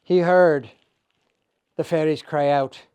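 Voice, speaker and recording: An Irish storyteller tells a folktale in a lilting, animated voice. He repeats phrases and pauses between them, keeping the telling lively. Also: a little high, clear, resonant tone.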